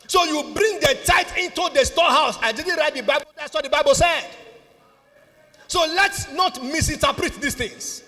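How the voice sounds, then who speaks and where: A Nigerian man preaching a sermon as pastor, exuberant, often laughing and shouting. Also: very high voice, moderate pace, in a large hall. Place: church.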